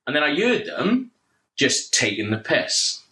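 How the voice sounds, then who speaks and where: A man with a Welsh accent, casually telling a story to friends, animated, laughing and swearing. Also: fairly high pitch, unhurried, echoey room, slight background noise, rough recording. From Wales. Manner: animated, swearing, laughing, mimics other voices.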